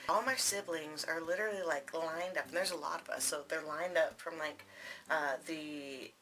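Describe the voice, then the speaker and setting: A young woman speaks straight to camera, recounting her own story with candid asides and filler words. Her voice is bright and a little low-pitched, with faint music running underneath. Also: normal speed. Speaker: vlogger.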